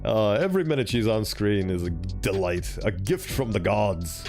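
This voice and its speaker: A playful man streams a game, reading the story aloud and chatting between lines, his pitch bouncing up and down. Faint game music plays behind him. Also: expressive, moderate pace. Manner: playful, chatty, self-interrupting. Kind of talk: let's play with reading aloud.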